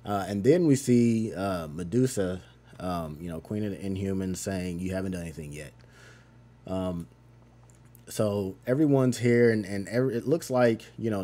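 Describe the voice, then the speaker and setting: Mellow low-voiced man recapping comics. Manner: rambling, loosely paraphrases characters in an offhand tone. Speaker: comic book reviewer. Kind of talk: casual page-by-page comic recap.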